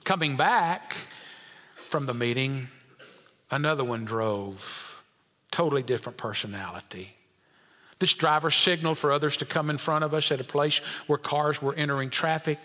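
A male pastor preaching a sermon, dropping to quiet asides and climbing to emphatic points while questioning the congregation. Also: on the high side, moderate pace, big-room sound.

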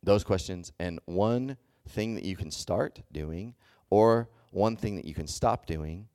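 Low-voiced man giving a chatty youth sermon. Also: takes it slowly, a little mellow, dry recording, clean studio sound. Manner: conversational, checks in often with "okay?" and "does that make sense?"; loose and chatty, with many fillers and restarts. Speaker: youth preacher. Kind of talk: casual sermon to a youth group.

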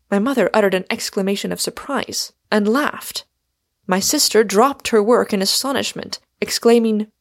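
A woman narrating an audiobook in the first person, in a measured, earnest manner. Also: mid-range voice. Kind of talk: scripted narration.

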